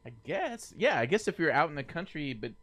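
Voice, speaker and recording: A man's voice: fairly high pitch, big pitch swings, fairly quick, fairly bright tone. A man hosting a podcast, talking casually with a rambling, self-correcting manner. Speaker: podcast host. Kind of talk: casual chat.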